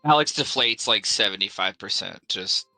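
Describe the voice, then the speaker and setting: A player speaking in character at a tabletop game, excitable and quick to swear. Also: sits low, vocal fry, no echo, faint music behind, low-quality recording.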